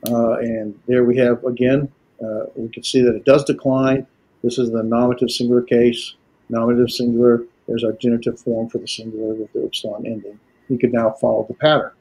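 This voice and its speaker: A man teaching a language class, lecturing in a halting way with many filler pauses. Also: medium pitch, level tone, dark tone, breathy edge. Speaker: Greek teacher.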